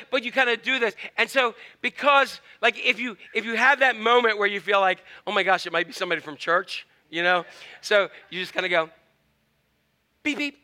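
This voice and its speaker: A male pastor, preaching a playful, conversational sermon and acting out honks and quoted voices. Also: high-pitched. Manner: animated, playful, acts out honking and quoted voices. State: tired.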